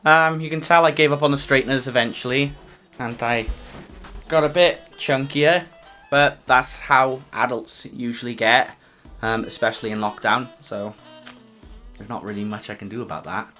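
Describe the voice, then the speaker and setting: A man's voice: medium pitch, moderate pace, sharp tone, soft background music. A man making casual, self-mocking reaction commentary on his own old video. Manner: self-mocking, wry asides.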